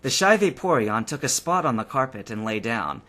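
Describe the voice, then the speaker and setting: Lively male fanfiction narrator. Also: medium pitch, normal speed, noisy background. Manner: lively, expressive reading. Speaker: audiobook reader. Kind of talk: first-person fanfiction narration.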